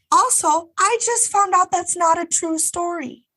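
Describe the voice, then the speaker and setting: A woman's voice: very high-pitched, measured pace, pushed and bright. A woman co-hosting a podcast, recapping a TV episode in casual, chatty talk with plenty of fillers and swearing. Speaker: podcast co-host.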